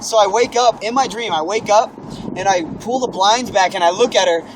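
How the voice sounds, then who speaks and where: Brief: young man, high voice, lively storyteller, wind noise on the mic. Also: a little fast. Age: young adult. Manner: animated storytelling, swearing, acting out his own yells. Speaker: friend telling a story. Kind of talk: casual chat.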